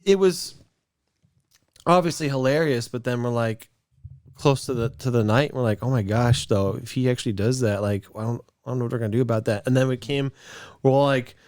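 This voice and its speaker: A man's voice: medium pitch, darkish tone, dry recording, clean studio sound. A man co-hosting a podcast in casual chat, telling stories and laughing often. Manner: laughs often, quick storytelling. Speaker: podcast co-host.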